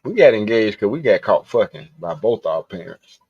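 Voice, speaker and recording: A man's voice: lowish voice, very animated, moderate pace, a little mellow, breathy edge, dry recording. Guy on his livestream swearing and laughing thru stories, kinda muffled lo-fi mic. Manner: profane, laughing, loose storytelling. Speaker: livestream host. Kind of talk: casual storytelling.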